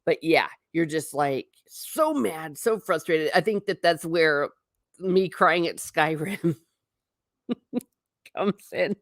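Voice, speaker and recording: A young adult woman talks casually to her viewers, rambling, laughing and chatting. Her voice sits fairly low for a woman. The sound is dry and close, with no room echo. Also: slow pace, pauses often. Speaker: livestream host reading chat. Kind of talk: casual livestream chat.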